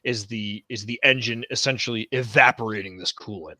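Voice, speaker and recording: A man's voice: on the low side, a little fast, bright, forceful tone, no room sound. A man running a tabletop game as game master, explaining the situation to the players.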